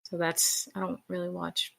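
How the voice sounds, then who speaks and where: A woman's voice: lowish voice, completely flat delivery, moderate pace, vocal fry, a bit bright, slight background noise. A woman co-hosting a podcast in casual chat, talking in a chatty, hesitant way.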